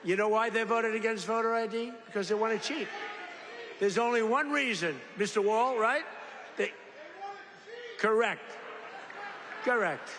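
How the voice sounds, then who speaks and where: An older man from the United States speaks in a fairly high voice, drifting from point to point with brags and asides. His podium microphone rings through a big factory hall with a long echo and faint background hum. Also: unhurried, pauses often, fairly bright tone. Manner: rambling, boastful, jokey, breaks into mock voices. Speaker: political speaker addressing workers. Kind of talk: off-the-cuff rally speech. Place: large factory hall, indoors.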